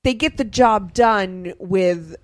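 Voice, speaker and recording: A woman co-hosting a casual podcast, talking about a film with enthusiasm, halting and repeating words as she goes. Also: medium pitch, darkish tone, dry recording. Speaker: podcast co-host. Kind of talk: casual chat, film discussion.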